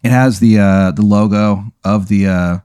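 A man's voice: fairly low pitch, steady tone, unhurried, darkish tone, clear, resonant tone, no echo, studio quality. A man hosting a comedy podcast, improvising a rambling second-person story and swearing casually. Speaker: podcast host.

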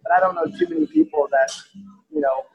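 A man from East Tennessee, a guest in an interview, talking earnestly and haltingly with many restarts. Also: extremely high pitch, wildly swooping pitch, vocal fry, muffled recording, soft background music. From East Tennessee, USA. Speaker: guest author. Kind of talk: casual conversational interview.

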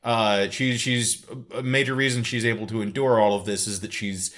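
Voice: medium pitch, steady tone, normal speed, a bit bright. A podcast co-host casually chatting about a story, stumbling over restarts and adding wry asides.

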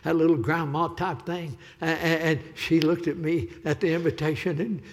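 A man's voice: a little high, steady tone, normal speed. A man preaching an impassioned sermon as a visiting evangelist, pleading with repetition. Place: church sanctuary. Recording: reverberant church hall.

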